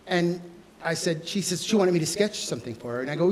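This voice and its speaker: A man, a fashion designer, answering audience questions with candid, animated storytelling and acted-out dialogue. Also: high-pitched, fast talker. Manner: animated, acts out quoted dialogue.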